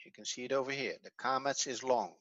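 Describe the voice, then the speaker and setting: A man leads an evening class, walking through each point one step at a time and pausing to think aloud. His voice is bright and forward. The sound is dry and a little dull, like a lo-fi recording. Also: mid-range voice, dry recording. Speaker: Hebrew teacher.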